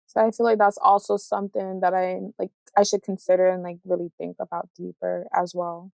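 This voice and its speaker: Hesitant young woman with a gravelly edge. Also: lowish voice, monotone, brisk, a little mellow, no echo. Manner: hesitant, thinking aloud, full of "like" fillers. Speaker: guest, graduate student. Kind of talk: casual conversation.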